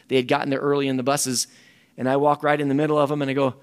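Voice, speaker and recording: Earnest preacher guy telling a story, kinda high voice with lots of gravel, repeats himself. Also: fast talker. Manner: animated and earnest, repeats words. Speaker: ministry director and speaker. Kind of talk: storytelling sermon talk.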